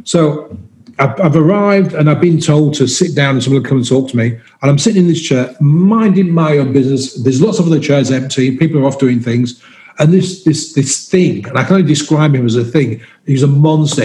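A man's voice: fairly high pitch, expressive, moderate pace, warm tone. A man in his sixties, a guest telling a personal story in candid, self-deprecating conversation, often restarting his sentences.

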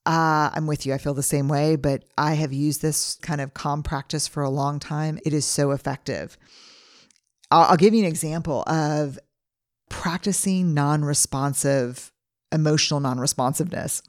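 A woman in her forties hosting a podcast, speaking in an earnest, conversational monologue and slowing down to stress her points. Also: low-pitched, fairly even intonation. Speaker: podcast host.

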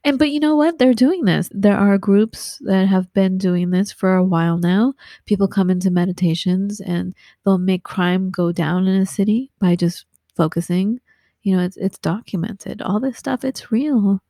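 A woman from Southern California with a Southern Californian accent, a guest in a casual conversation, telling stories in a chatty, animated way full of "like" and laughs. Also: medium pitch, normal speed, no echo, studio quality.

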